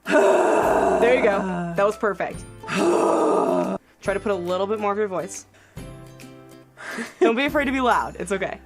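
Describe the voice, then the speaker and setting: Lively young woman teaching vocal screams. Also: medium pitch, measured pace, vocal fry, pauses often, soft background music. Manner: upbeat, encouraging, demonstrates with sighs and growls. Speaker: vocal coach.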